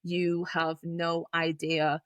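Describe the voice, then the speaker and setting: A woman's voice: on the low side, monotone, slow pace, clear, resonant tone, no echo, muffled recording. A young woman co-hosting a film podcast, chatting casually with many fillers and repeats. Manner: chatty, frequent "like" and "you know", repeats herself. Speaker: podcast co-host. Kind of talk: casual film review chat.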